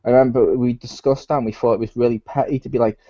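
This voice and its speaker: A man's voice: mid-range voice, fairly even intonation, fast talker, mellow, dry recording, highs cut off. A man hosting a casual gaming podcast, joking and laughing as he rambles. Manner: jokey, laughs often, rambling. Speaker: podcast host. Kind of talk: casual chat.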